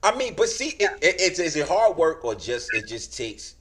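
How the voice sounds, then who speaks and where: Rambling New man, lively pitch. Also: normal speed. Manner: rambling, full of restarts and fillers. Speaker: podcast host. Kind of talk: casual chat. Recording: noisy background hiss.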